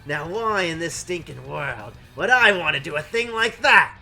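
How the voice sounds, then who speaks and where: A woman's voice: lowish voice, lively intonation, extremely slow, vocal fry, pushed and bright, faint music behind, exaggerated voice. A woman voicing a brash, swaggering male gambler whose hammy accent drifts between British and Australian. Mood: cocky.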